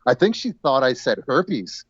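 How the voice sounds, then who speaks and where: Halting man on a dull call line. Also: mid-range voice, big pitch swings, slightly rough, no room sound. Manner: halting, repeats words, chuckles at own jokes. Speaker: guest caller. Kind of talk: casual chat. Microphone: video call.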